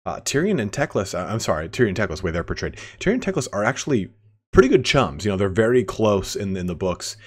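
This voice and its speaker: A man's voice: on the low side, sing-song, quick pace, a little mellow. A man giving casual, rambling game commentary, full of fillers and restarts. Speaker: gaming commentator.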